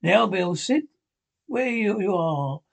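A man's voice: high-pitched, lively intonation, takes it slowly, vocal fry, full character voice. Man doing a cruel blind old beggar. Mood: cold menacing. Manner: old sing-song whine turning to cold threats.

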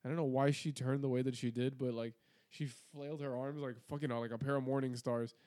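A man's voice: medium pitch, fairly even intonation, quick pace, warm tone. A man co-hosting a podcast in casual chat, bantering and joking with a lot of profanity. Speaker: podcast co-host.

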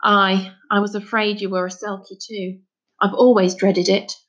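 A woman reading aloud voices a grieving middle-aged fisherman father, speaking in a heavy, halting way. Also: medium pitch, little pitch movement, muffled recording, lightly acted. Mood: sorrowful.

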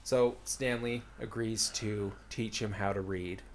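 A young man speaks slowly in a lowish voice with fairly even intonation, and a little hiss or hum can be heard. He's casually chatting through a book's plot, rambling and relying heavily on "like" and "uh."

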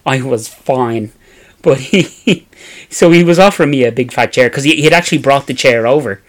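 An Irish man co-hosting a podcast, telling self-deprecating stories with frequent laughs and halting restarts. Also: medium pitch. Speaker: podcast co-host. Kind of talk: casual storytelling chat.

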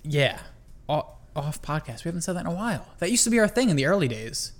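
A woman's voice: low-pitched, very animated, fast talker. A young woman co-hosting a casual podcast, blunt and jokey, swearing freely. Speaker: podcast co-host.

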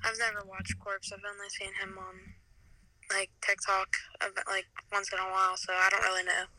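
A man's voice: high-pitched, completely flat delivery, moderate pace, pushed and bright, rough recording. A teenage boy, a guest on a podcast, chatting casually with hesitant, rambling talk and many fillers. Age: teens. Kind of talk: casual chat.

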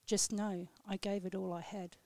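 This woman recites her own poem in a slow, solemn, measured way. Her voice sits in a middle pitch with very little rise and fall. The studio sound is dry and close. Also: flat delivery, creaky, darkish tone, no echo. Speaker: radio guest poet. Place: radio studio.

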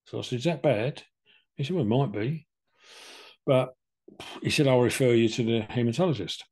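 A slightly rough, a little mellow voice of medium pitch belongs to an older man casually sharing his cancer story on the podcast he co-hosts. At a normal speed, he stays chatty and plain-spoken, taking on both roles in the dialogues he recalls.

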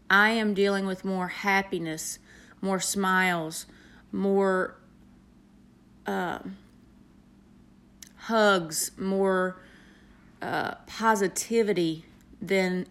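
A young nurse with a Southern US accent speaks earnestly to her viewers in a motivational vlog, heartfelt and with pauses and fillers. Her voice is medium-pitched and fairly bright.

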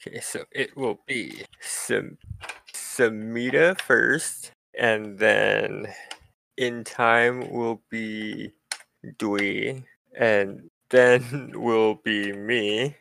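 A man's voice: lowish voice, fairly even intonation, drawn-out words, vocal fry, pushed and bright, dry recording. A man running a tabletop game over an online voice call, laid-back with laughing asides. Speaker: game master.

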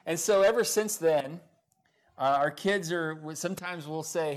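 A middle-aged man preaching a sermon, telling stories in a relaxed, conversational way with many fillers and small chuckles. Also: a little high, slow pace, pauses often. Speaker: pastor.

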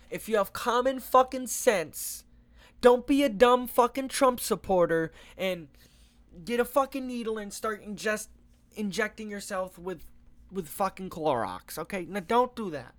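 A young man rants over news items, swearing freely and sounding exasperated. His pitch swings widely as he reacts, and he breaks into laughter often. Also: a bit bright. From United States. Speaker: vlogger. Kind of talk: ranting news commentary.

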